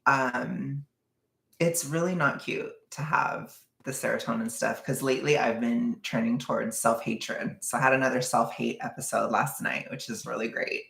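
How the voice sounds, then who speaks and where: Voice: mid-range voice, steady tone, moderate pace, creaky, a bit bright, reverberant. A young adult livestream host chatting casually with viewers, rambling and self-deprecating, joking and laughing often. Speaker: livestream host reading chat.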